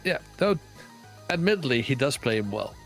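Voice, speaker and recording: A man's voice: medium pitch, very animated, normal speed. Guy on a stream, mid voice, keeps laughing and losing his words, faint music. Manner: laughs often, fumbles for words. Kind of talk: casual chat on a stream.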